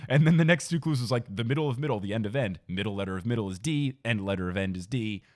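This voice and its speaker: A man in his twenties hosting a podcast, recapping a book in a joking, animated casual chat. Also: on the low side. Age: 20s. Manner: animated, joking, quick asides. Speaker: podcast host.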